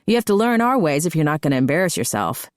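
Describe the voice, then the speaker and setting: A male hockey player who loves to needle people with mocking trash talk, voiced by a woman narrator. The voice is low and dry, recorded close. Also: sing-song, fast, no room sound. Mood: teasing.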